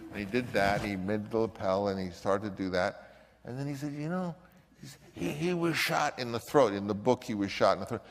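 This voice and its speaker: An older man with a lowish voice tells a story in an animated way, now and then slipping into other people's voices. A long reverb trails after his words. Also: a little fast. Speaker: filmmaker recounting a story. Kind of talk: anecdotal storytelling.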